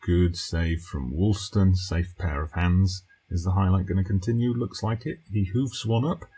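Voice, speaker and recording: A man hosting a let's play, giving casual live commentary on a football management game and reacting to the highlights as they happen. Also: moderate pace, slightly rough. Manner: animated, reacting to match highlights, talking to his players.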